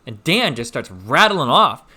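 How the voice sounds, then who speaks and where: A young man streaming, teasing a visitor and telling a story in an animated, profane way. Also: mid-range voice, unhurried. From Omaha, Nebraska, US. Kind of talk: casual stream chat and storytelling.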